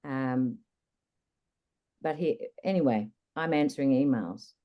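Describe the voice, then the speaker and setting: A woman guest in an interview, candidly recounting a personal experience in a reflective, lively way. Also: extremely low pitch, slow, muffled recording. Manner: candid, reflective, animated retelling. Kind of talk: personal storytelling in conversation.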